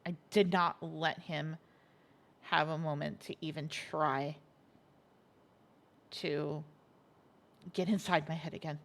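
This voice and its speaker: A woman plays a young survivor of trauma in a crime-game roleplay, her slightly low voice halting and emotional as she opens up to a therapist. She shifts into defiant, sassy pride when she stands up for herself. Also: steady tone. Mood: tense, recounting. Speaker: patient in therapy. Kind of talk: GTA roleplay stream acting.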